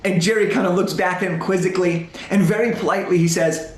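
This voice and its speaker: A young man giving a motivational storytelling talk to a school assembly, animated and using dramatic pauses. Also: high voice. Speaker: motivational speaker. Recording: roomy echo.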